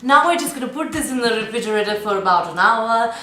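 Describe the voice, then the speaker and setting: A woman's voice: on the high side, quick pace, few pauses, a bit bright. A woman presenting a home recipe in a casual cooking vlog, chatty and playful, sometimes half-singing her words, recorded in a home kitchen. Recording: very echoey kitchen with background music.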